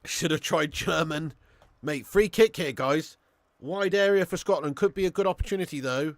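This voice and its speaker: A man's voice: on the high side, normal speed, no echo. A young man hosting a live football watch-along who chats, swears and laughs, bantering with viewers in the chat.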